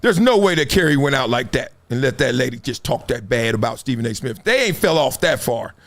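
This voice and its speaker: A man's voice: mid-range voice, expressive, fairly quick. A middle-aged man hosting a live sports talk stream from home, reacting to chat with emphatic build-ups and frequent laughs. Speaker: host of a sports talk livestream. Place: home studio.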